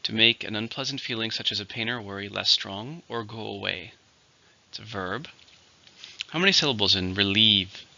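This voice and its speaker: A man teaching English vocabulary in a scripted lesson, saying each word slowly and clearly and then repeating it. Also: on the low side, bright, forceful tone. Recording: dull lo-fi recording.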